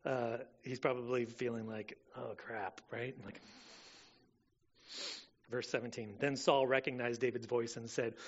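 A man preaching a sermon in a casual way, full of fillers, rising loud and dropping soft. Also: medium pitch, level tone, unhurried, long pauses, lo-fi sound. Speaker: pastor.

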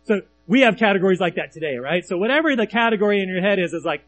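A male preacher with a voice a bit higher than most men talks through a sermon in a casual, conversational way, often asking his listeners to agree. A faint mains hum sits under the recording. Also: lively intonation, fast talker, hardly any pauses, fairly bright tone, low-quality recording. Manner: conversational, often asks the audience "right?"; reads scripture aloud between comments.

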